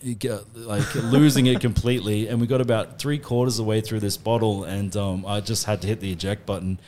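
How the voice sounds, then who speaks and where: A man's voice: lowish voice, fairly even intonation, brisk, a little mellow, a little hiss or hum. A young Australian man hosting a podcast, telling a story to his mates with lots of laughing and swearing. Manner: laughing, swearing, rowdy banter. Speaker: podcast host.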